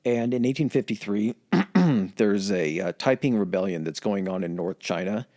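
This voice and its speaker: A man's voice: on the low side, animated, normal speed, warm tone, dry recording, clean studio sound. A man co-hosting a casual, comedic history podcast, profane and conversational. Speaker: podcast co-host.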